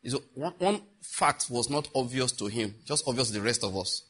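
Here a middle-aged Nigerian man talks at a normal speed in a medium-pitched, breathy voice. Full of laughter, he tells amusing stories and gives young people advice, mixing lively narration with sermon-like asides.

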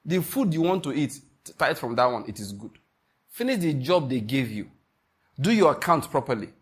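A pastor preaching an emphatic sermon, often asking the congregation if they follow. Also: male voice, mid-range voice, sing-song, normal speed, slightly rough.

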